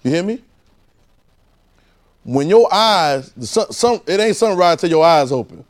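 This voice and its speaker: Preacher, male, somewhat high voice; call-and-response sermon, jumps from loud outbursts to low asides. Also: expressive, a little fast.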